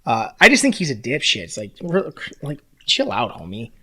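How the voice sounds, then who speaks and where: A man's voice: medium pitch, normal speed, slightly rough. A young man co-hosting a casual podcast, ranting about sports with swearing and mocking put-on quotes. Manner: animated, swearing, mocking impressions. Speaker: podcast co-host.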